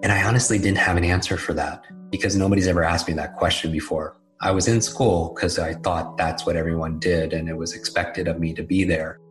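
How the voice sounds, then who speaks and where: A man's voice: low voice, fairly even intonation, fairly quick, hardly any pauses, over music, low-quality recording. A man telling a personal story in a candid, self-deprecating, conversational way. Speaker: speaker telling his life story. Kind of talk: storytelling talk.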